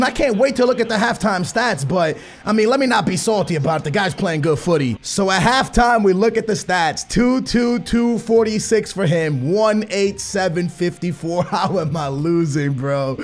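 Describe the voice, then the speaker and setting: A young man giving excitable live commentary on his own football video game matches, muttering while he concentrates and yelling when he scores. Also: high-pitched, moderate pace, few pauses. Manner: excitable, bursts into shouting at goals. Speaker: gaming YouTuber.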